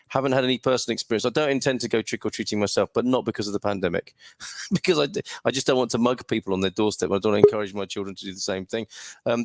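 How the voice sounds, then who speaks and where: A man's voice: medium pitch, gravelly, dry recording. A man from the UK hosting a casual livestream from his home studio, greeting viewers and chatting with many hesitations. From United Kingdom. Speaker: livestream host. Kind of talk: casual livestream chat reading viewer comments.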